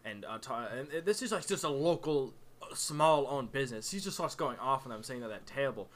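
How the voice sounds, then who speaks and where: A young man co-hosting a podcast, telling a story in halting casual chat. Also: mid-range voice, animated, fairly bright tone. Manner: storytelling, halting, laughing asides. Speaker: podcast co-host.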